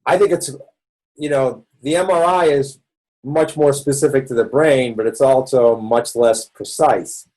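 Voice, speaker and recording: A man's voice: mid-range voice, fairly even intonation, measured pace, darkish tone, low-quality recording. Rambling man lecturing on health. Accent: Boston. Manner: conversational, rambling explainer with restarts. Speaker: doctor presenting a health session. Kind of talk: online presentation lecture.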